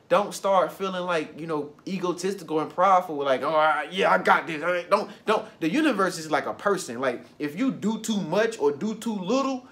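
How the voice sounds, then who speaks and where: Man, high voice, casual motivational vlogger who repeats key phrases. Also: a bit bright. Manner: loose, conversational, repeats phrases for emphasis. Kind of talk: motivational talk to camera.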